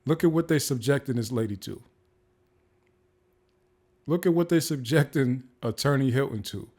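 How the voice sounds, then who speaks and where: A podcast host, a man, riffs on court footage in casual slang. He sounds animated and amused, with a voice of ordinary pitch. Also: normal speed. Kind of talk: casual reaction commentary.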